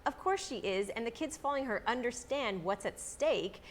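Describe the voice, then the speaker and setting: A woman's voice: a little high, animated, moderate pace, a little hiss or hum. A woman in her forties hosting an interview, chatty and friendly, reading viewer comments aloud on a set. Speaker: interviewer host. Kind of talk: conversational interview. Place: studio set.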